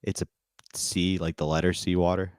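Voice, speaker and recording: A comedian co-hosting a podcast in a very deep voice, rambling through a story with deadpan jokes. The sound is close and dry, with no room around it. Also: male voice, moderate pace, clear, resonant tone, no room sound. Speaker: stand-up comedian, podcast co-host. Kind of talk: casual comedy podcast banter.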